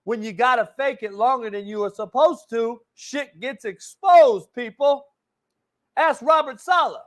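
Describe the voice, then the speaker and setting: A man's voice: very high-pitched, a little slow. A man hosting a sports talk show, ranting in a brash, mocking way and swearing constantly. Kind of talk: profane casual rant.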